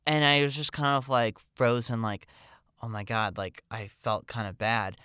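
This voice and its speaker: Guy rambling through a story w lots of likes and ums, clear smooth voice, dry room. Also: mid-range voice, normal speed, sharp tone, dry recording. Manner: rambling, full of "like" and "um". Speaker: podcast host telling a personal story. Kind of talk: casual storytelling monologue.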